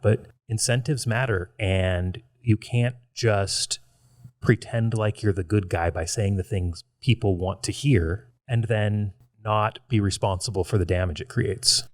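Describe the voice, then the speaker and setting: Podcast guest, male, very low voice, dry close sound, steady and argumentative. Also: no room sound. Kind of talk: casual podcast conversation.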